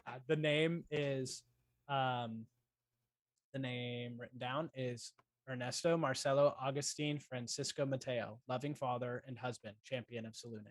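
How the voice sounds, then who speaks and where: A man's voice: medium pitch, steady tone, measured pace, no echo. A man narrating as game master of a tabletop game, describing scenes with many ums and uhs. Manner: hesitant, full of ums and uhs.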